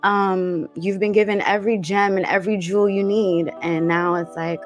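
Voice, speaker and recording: A woman hosting a dream interpretation show, speaking gently and emotionally, slowly repeating comforting affirmations. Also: medium pitch, steady tone, soft background music. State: emotional, teary. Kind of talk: warm encouraging talk show chat.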